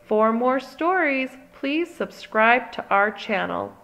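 Gravelly woman reading a children's story. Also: fairly high pitch, expressive, slow pace, fairly bright tone, rough recording. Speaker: storybook reader. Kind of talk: children's storybook read-aloud.

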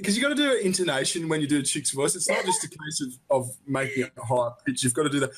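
Talking very fast with few pauses, this interview host has a fairly high, animated voice on a very noisy recording. His crude, casual chat with the guest is full of blunt jokes, and he frequently trips over and repeats words.

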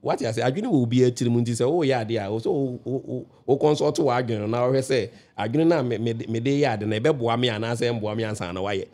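A man's voice: medium pitch, fast, hardly any pauses, a little mellow. A man, a guest on a radio talk show, explaining his view at length, often restarting and checking that the listener understands. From Ghana.

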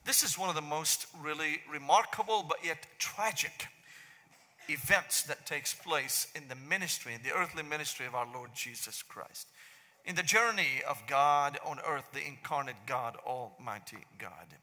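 Syrian-accented pastor with a bright voice. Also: male voice, a little high. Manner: joking storyteller turning to slow solemn prayer. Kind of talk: sermon. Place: large church sanctuary. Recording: long church reverb.

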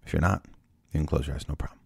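A man hosting a devotional Bible podcast, talking in a chatty way and firing rhetorical questions at listeners. His voice is extremely deep, with a gravelly, husky fry. The sound is dry and close, with no room in it. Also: fairly even intonation, very fast, darkish tone, dry recording. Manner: conversational, rhetorical questions, restarts. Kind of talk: devotional talk and prayer.

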